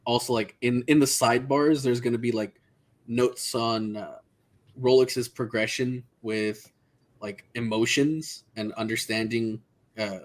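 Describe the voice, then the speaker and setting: A man's voice: mid-range voice, steady tone, a little slow. A man takes his turn as a player in a tabletop role-playing game, speaking mostly in his character's voice. He talks close to the mic, with frequent fillers and restarts as he works out what to say. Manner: hesitant, many fillers and restarts.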